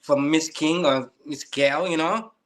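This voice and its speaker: A man in his fifties with a fairly high and bright voice. He speaks English earnestly, with the grammar of a native Lao speaker, in a casual conversation. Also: measured pace. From Thailand. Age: 50s. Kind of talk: casual chat.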